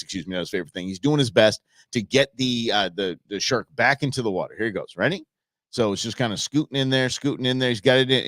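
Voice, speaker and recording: A man hosting a live show, talking casually and excitably over video clips and speaking to viewers by name. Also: on the low side, no echo, studio quality. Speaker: host.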